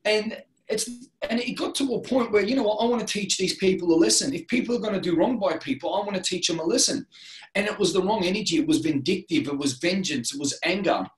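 An Australian man in midlife talks through his past in an earnest, rambling way, restarting sentences and leaning on "you know". His voice sits a little high for a man. The recording has a roomy echo. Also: fast talker. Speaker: interview guest. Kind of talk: candid personal storytelling.

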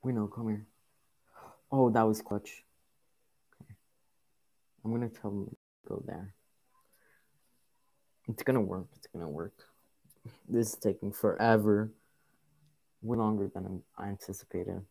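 A man with a fairly low voice talks over his gameplay, muttering and complaining whenever things go wrong. His commentary stays casual as he curses at the game and urges his characters along. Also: fairly even intonation, unhurried, gravelly, long pauses, mellow. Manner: frustrated, grumbling, swearing at the game. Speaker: gaming YouTuber.

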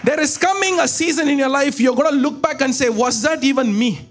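A man preaching a prophetic sermon, fervent and shouting, speaking in tongues. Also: very high-pitched, fairly quick, music in the background.

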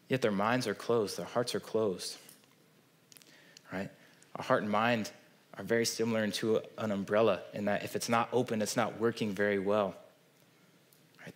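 The man's voice is on the low side and moves at a moderate pace as he preaches in a church sanctuary. A pastor with a Midwestern American accent, he sounds earnest and conversational, frequently checking in with "right?".

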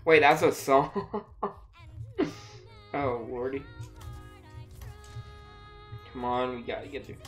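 Faint music plays behind a woman with a bass voice who talks at a measured pace during a gameplay livestream. Feeling sick and dry-throated, she chats casually, giggling a lot, poking fun at herself, and frequently laughing and exclaiming.

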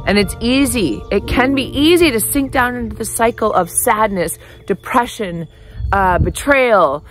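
A woman giving an earnest self-help talk that moves into soft guided breathing, often asking "right?". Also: a little high, soft background music. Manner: earnest, repeats "right?", quotes her own thoughts; slows to a soft guided meditation.

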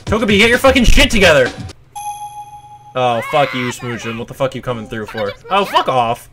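A man's voice: medium pitch, big pitch swings, moderate pace. A man streaming a video game, reacting casually with lots of swearing in a sleepy, mumbling way. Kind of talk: casual gameplay commentary. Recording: game music playing behind.

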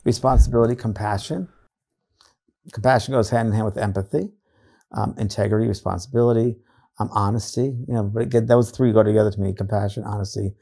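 A man's voice: lowish voice, fast talker, gravelly. A middle-aged man from New York, a psychic medium, telling stories in a casual interview and acting out other people's voices. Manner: animated storyteller, acts out voices.

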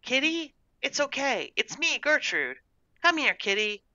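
A timid little girl from a storybook, coaxing and gentle, her voice lifted high above the reader's own, as a narrator puts her on. The tone is very bright and the recording is dry and a little dull. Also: big pitch swings, normal speed, no echo. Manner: soft, pleading, raised pitch. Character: small frightened, gentle young girl.

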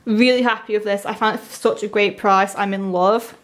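A woman's voice: mid-range voice, brisk, a little hiss or hum. A young woman from England chatting casually as she unboxes a haul, gushing and exclaiming often. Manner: gushing, repeatedly excited, lots of "oh my god".

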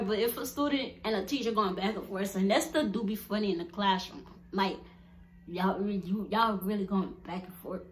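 A young woman vlogger chatting casually to her viewers, animated and blunt, laughing often as she tells stories. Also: mid-range voice.

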